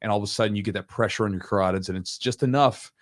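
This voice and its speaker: A man hosting a podcast, telling coaching stories in a casual, animated way. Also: fairly low pitch, no room sound, clean studio sound. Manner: animated storyteller, quick, acts out quotes. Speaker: podcast host, jiu-jitsu coach. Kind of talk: casual storytelling chat.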